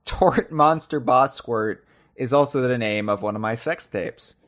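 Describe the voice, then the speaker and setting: A man hosting a casual podcast chat. He teases his guest with playful, deadpan jokes. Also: mid-range voice, measured pace. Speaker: podcast host.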